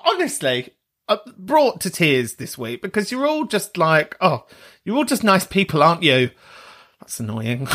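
A British man hosting a podcast, talking in a sweary, animated rant with laughter between points. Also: a little high, normal speed. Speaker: podcast host. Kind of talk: casual monologue.

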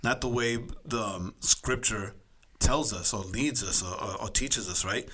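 A man's voice: lowish voice, a little slow, a bit bright. A man co-hosting a podcast in loose, casual chat, laughing often and repeating words as he finds his point. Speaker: podcast co-host.

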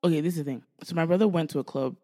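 Woman, 20s, from Canada, podcast co-host; a lively, profane storyteller who acts out her family. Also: sits low, racing. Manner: animated storytelling, swearing freely, acting out quoted family members. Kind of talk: casual chat.

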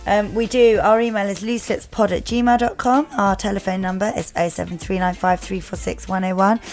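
A woman's voice: mid-range voice, steady tone, darkish tone, soft background music. Cheeky woman co-hosting a podcast. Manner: cheeky, quick to laugh. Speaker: podcast co-host. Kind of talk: casual podcast chat.

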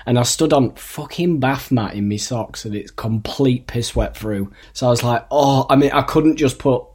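A man, chatting casually as a podcast co-host and telling animated stories. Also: mid-range voice, normal speed, slightly rough. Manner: animated storyteller, acts out quoted voices. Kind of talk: casual chat.

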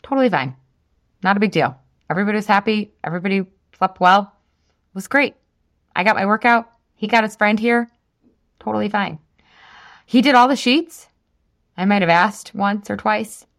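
A woman's voice: mid-range voice, moderate pace, long pauses, fairly bright tone. A woman in her thirties hosting a casual solo podcast, chatty and full of "like", laughing at herself. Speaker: podcast host.

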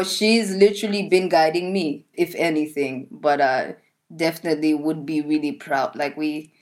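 A young woman, a musician guest on an interview, talks in a slightly low voice. She tells stories with animation, her voice jumping up with excitement and laughter. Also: moderate pace. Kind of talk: casual interview chat.

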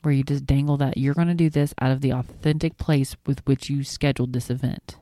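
A woman's voice: extremely low pitch, fairly even intonation, a little fast, dark tone, no echo, studio quality. A woman co-hosting a podcast in casual chat, a chatty, rambling storyteller who swears casually. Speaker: podcast co-host.

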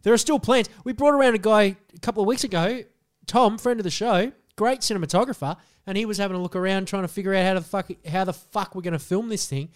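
A man's voice: high voice, fast. A man co-hosting a casual podcast chat, emphatic and swearing freely. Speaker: podcast co-host.

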